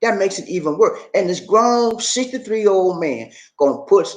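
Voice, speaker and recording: A man giving animated, preachy commentary on a news story, playful and repetitive, with questions for his audience. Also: high voice, moderate pace. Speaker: commentary channel host.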